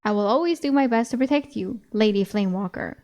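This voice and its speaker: A woman's voice: a little high, fast, darkish tone, close to an everyday voice. A woman voicing an earnest, literal-minded male dog in a novel she reads aloud, speaking bluntly and matter-of-factly. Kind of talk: reading a novel aloud with voices.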